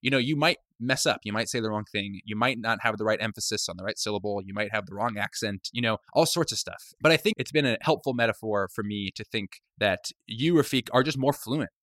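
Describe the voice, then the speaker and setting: A man's voice: lowish voice, a little fast, hardly any pauses, fairly bright tone, dry recording, studio quality. A man hosting a podcast, talking in an earnest, searching way with many hedges. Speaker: podcast host. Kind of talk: reflective podcast talk.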